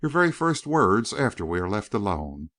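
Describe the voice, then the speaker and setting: A man reading the part of a big, earnest, warm-hearted young rancher in an audiobook. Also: fairly low pitch, sing-song, moderate pace, no room sound, clean studio sound.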